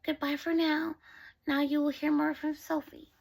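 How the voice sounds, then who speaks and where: A woman telling bedtime stories to children in a soft voice that often drops to a whisper. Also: high voice, flat delivery, normal speed, vocal fry. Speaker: storyteller. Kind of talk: bedtime storytelling.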